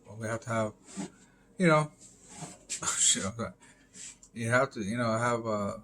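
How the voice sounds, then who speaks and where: A man's voice: moderate pace, sharp tone. Rambling man swearing, faint background hum. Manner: rambling, filler-heavy, swears, emphatic "boom" interjections. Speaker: live stream host. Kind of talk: casual rambling monologue.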